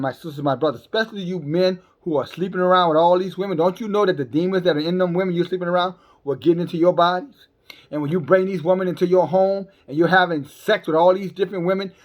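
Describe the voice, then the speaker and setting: A male preacher with a notably high voice delivers a fiery sermon. He is blunt and scolding with his listeners and keeps stumbling over repeated words. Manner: scolding, calls listeners sisters and brothers.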